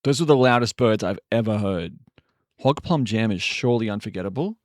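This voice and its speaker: A man's voice: medium pitch, brisk, darkish tone, no echo, studio quality. A man in his forties, a streamer, casually chatting and ranting wryly while reacting to videos. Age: 40s. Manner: ranting, wry and exasperated.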